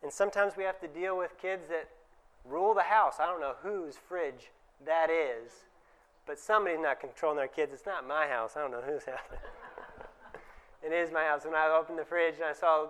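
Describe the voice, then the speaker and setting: A man with a smooth, fairly bright voice on the high side gives a conversational conference talk to fellow dentists. He often acts out short dialogues in altered voices.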